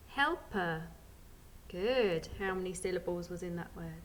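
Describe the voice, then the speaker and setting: A young woman teaching a phonics lesson to small children, sounding out each letter slowly and encouraging them with praise. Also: on the low side, a little hiss or hum. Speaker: primary school teacher.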